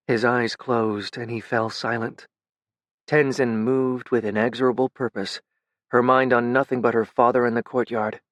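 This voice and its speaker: A man narrating a dark fantasy audiobook in a measured, intimate way. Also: medium pitch, flat delivery, dry recording, clean studio sound.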